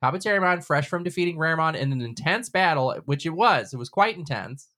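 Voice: mid-range voice, animated, fast, bright, forceful tone. Casual podcast host, recaps loosely, laughs a lot. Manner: laughs often, loose and profane. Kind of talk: casual chat, recapping an episode.

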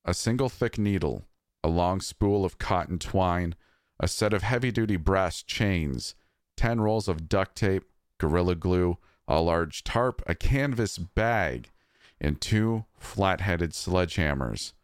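A man reading a scripted horror story in a measured, somber way. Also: deep voice, animated, clear, resonant tone, dry recording, clean studio sound.

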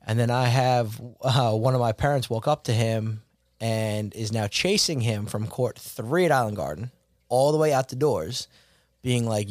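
A man who coaches basketball and teaches, telling a story in a casual podcast chat, animated and slangy, with some mild swearing. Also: medium pitch, normal speed, no room sound, clean studio sound.

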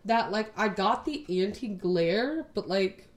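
A woman's voice: medium pitch, lively intonation, slow. Rambling young woman chatting to camera. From Texas. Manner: rambling, lots of swearing and "like". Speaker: vlogger. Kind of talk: casual chat to camera.

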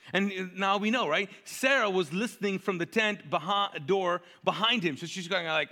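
A male pastor preaching in a chatty, animated way, asking the congregation to fill in words. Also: sits high, moderate pace, long reverb tail. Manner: conversational, animated, asks the crowd to fill in words. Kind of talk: sermon.

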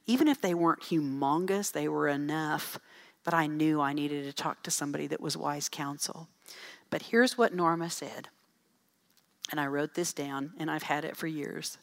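A middle-aged woman speaking to a church audience, telling folksy, animated stories with asides about parenting. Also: deep voice. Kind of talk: storytelling talk to an audience.

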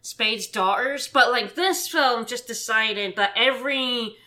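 A woman's voice: fairly high pitch, slow, sharp tone. A woman co-host commenting bluntly and wryly on a movie. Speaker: podcast co-host. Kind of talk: casual movie recap chat.

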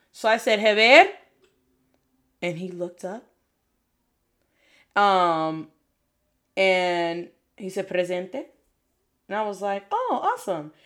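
Lively woman teaching with slangy storytelling. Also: mid-range voice. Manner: animated, lively, slangy, mixes in Spanish phrases. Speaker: Spanish teacher. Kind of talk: casual spoken lesson with storytelling.

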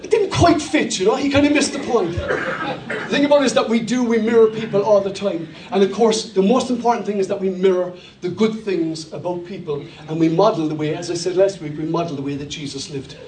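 A middle-aged Irish man with a Cork accent, preaching a sermon and telling lively stories to his congregation. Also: high voice, brisk. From Ireland. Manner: lively storytelling with audience participation. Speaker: pastor. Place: church hall. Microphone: handheld microphone. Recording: echoey hall, voice from far off.

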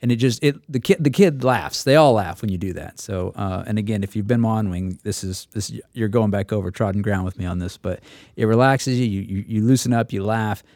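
Gravelly, mellow-voiced male storyteller. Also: fairly low pitch, a little fast, dry recording, clean studio sound. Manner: storytelling, acts out quotes. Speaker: instructor pilot. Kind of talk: casual roundtable chat.

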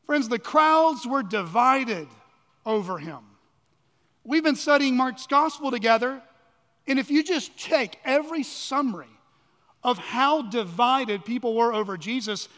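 Pastor, male, very high voice, dramatic sermon delivery that drops to near-whispers, long church reverb. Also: expressive, moderate pace. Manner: dramatic preaching, swinging from loud emphasis to hushed lows.

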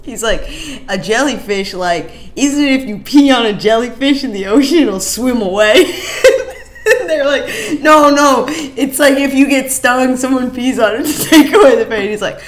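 A woman's voice: high-pitched, normal speed. A young woman co-hosting a casual podcast, laughing often as she talks. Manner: giggly, frequent laughter. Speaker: co-host.

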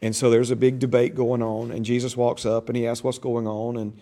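A man's voice: mid-range voice, little pitch movement, brisk, dark tone. Older guy teaching bible class, chatty storyteller, does little voices for people in his stories. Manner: conversational, storytelling, acts out quoted voices.

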